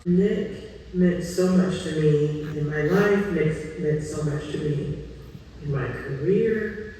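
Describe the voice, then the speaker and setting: A woman sharing a heartfelt tribute to her former coach, telling an animated story with many fillers. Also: sits low, takes it slowly, very echoey, big-room sound, recorded from a distance, some chatter behind, slight background noise, poor audio. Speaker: former student paying tribute.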